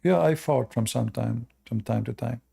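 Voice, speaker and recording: A man's voice: medium pitch, moderate pace, creaky, dark tone, husky. A man talking casually as a religious commentator, answering viewer questions in a rambling way with many fillers. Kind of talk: casual livestream chat.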